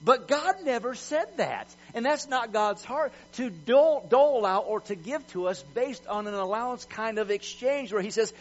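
A man's voice: extremely high pitch, expressive, moderate pace, few pauses. A middle-aged male pastor preaching a sermon with emphasis, acting out quotes with swagger. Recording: dull lo-fi sound with mains hum.

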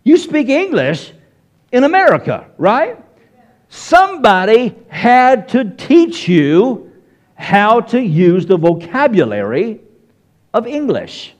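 A pastor with a Southern US accent preaches in church. His voice sits high for a man, and it rises and falls in big, lively swings as he questions his listeners. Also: slow pace. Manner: animated, questions the congregation directly. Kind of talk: sermon.

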